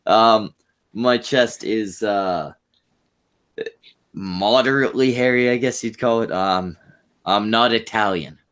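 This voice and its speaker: Deadpan halting man on a podcast call. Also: lowish voice. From Canada. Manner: halting, many fillers and restarts, deadpan jokes. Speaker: podcast co-host. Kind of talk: crude casual banter.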